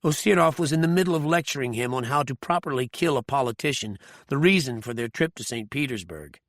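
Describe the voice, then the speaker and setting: A man narrating an audiobook thriller in a measured, even storytelling manner. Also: mid-range voice, no echo, clean studio sound.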